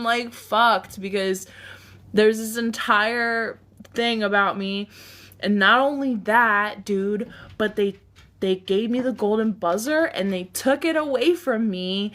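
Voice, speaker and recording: A woman talking at an unhurried, slow pace as she hosts a casual livestream. She chats directly with her viewers and laughs often between remarks. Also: mid-range voice. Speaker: livestream host.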